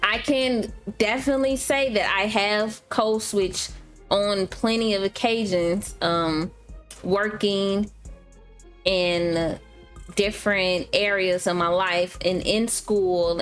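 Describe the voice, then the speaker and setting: A woman co-hosting a podcast in casual chat, thoughtful and unhurried, often trailing off with fillers. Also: mid-range voice. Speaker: podcast co-host.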